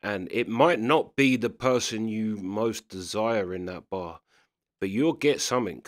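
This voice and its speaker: A man's voice: on the low side, measured pace, dry recording, clean studio sound. A man giving casual commentary while reacting to clips, chatty and always checking you follow him. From England. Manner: chatty, keeps asking "do you know what I mean".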